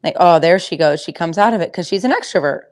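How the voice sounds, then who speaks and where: A woman teaching about confidence while working with a horse. She talks in a loose, rambling way, full of fillers and restarts, with an easygoing, conversational pitch. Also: expressive, fast. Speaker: horse trainer and confidence coach. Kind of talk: casual teaching talk.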